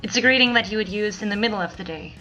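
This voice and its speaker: A woman from Denmark teaching a language lesson, repeating each phrase slowly and clearly for learners. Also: mid-range voice, pushed and bright, muffled recording, faint music behind. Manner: clear, slow model pronunciation with repeated phrases.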